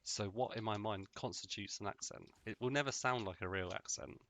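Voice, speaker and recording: A let's play host with a lowish voice talks fairly quickly into a close mic while gaming. His commentary is casual, rambling and jokey, with deadpan asides.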